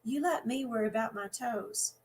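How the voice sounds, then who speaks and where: A woman voicing a tired, grumpy dance teacher with a country twang in a gentle storybook reading. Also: a little high, lively intonation, moderate pace, close to an everyday voice, rough recording. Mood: coaxing.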